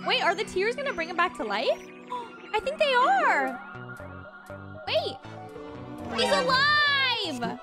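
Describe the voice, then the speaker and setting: A woman's voice: extremely high pitch, very animated, takes it slowly, long pauses. A young woman hosting a reaction video, exclaiming, gasping and laughing as she comments. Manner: exclaims, gasps and laughs often. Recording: loud music behind.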